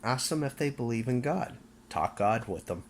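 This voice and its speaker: A man's voice: medium pitch, animated, moderate pace, a little hiss or hum. Fiery preachy Canadian man ranting. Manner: emphatic, repeats "okay?" and restarts. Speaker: vlogger. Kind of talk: casual rant to camera.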